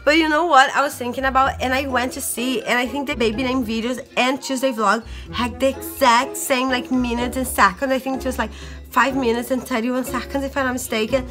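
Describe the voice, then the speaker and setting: A woman's voice: high voice, fairly even intonation, fairly quick, fairly bright tone, faint music behind. A young woman, a stay-at-home mom, chatting casually to viewers in a home vlog while sick and tired. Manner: chatty, addresses viewers as guys. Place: home, indoors.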